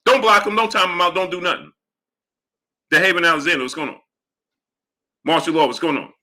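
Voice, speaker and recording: A man's voice: a little high, a little fast, sharp tone. A man hosting a live boxing stream, arguing with chatters and greeting them by name. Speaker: livestream host. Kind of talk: live chat boxing talk.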